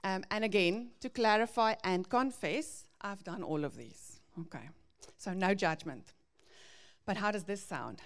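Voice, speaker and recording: Slow-talking woman, earnest devotional talk for parents, middle-pitched. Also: expressive. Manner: earnest, gently confessional, reads Bible verses. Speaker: speaker teaching parents.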